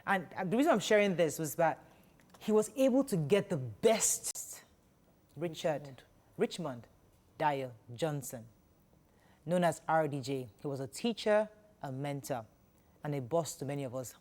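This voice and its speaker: A woman hosting a talk show, telling a story in a chatty, animated way. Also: deep voice, unhurried, pauses often. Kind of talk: casual studio chat.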